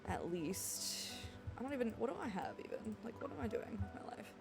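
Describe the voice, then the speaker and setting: A woman streaming a game live, chatting casually with her viewers in a playful, excitable way. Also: a little high, brisk, vocal fry, music in the background. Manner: playful, excitable, jokes with chat. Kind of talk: casual live-stream chat while gaming.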